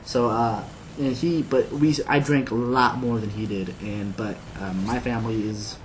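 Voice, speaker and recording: A gameplay commentator spins a long, rambling story over his game, constantly saying "like" and sometimes laughing at his own tale. His lowish voice has fairly even intonation and a moderate pace, with a little hiss or hum.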